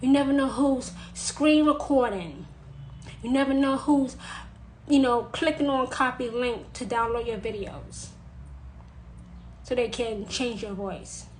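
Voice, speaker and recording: Insistent high-voiced woman, repeating herself. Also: measured pace, a little hiss or hum, low-quality recording. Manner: insistent, repeating phrases for emphasis. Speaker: witch sharing advice. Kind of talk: emphatic monologue to camera.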